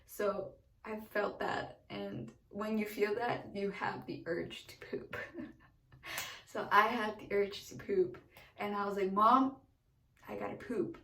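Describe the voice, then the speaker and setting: A woman's voice: mid-range voice, slow pace, vocal fry, far from the mic, slight background noise. Chatty young woman, echoey room. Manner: chatty, animated, acts out quotes. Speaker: new mother telling her birth story. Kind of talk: casual storytelling vlog. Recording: echoey room, away from the mic.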